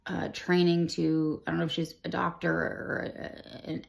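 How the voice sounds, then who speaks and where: A woman in her twenties telling a personal story to the camera, rambling and emotional, with many restarts and a gravelly voice. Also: fairly low pitch, monotone, measured pace. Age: 20s. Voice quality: gravelly vocal fry. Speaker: vlogger sharing her cancer diagnosis.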